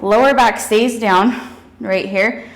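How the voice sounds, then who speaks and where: A woman's voice: mid-range voice, slow pace, a little hiss or hum, low-quality recording. A young woman leading a workout, counting down and cheering, out of breath at times. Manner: energetic cueing with counting and whoops. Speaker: fitness instructor. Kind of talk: workout instruction cues.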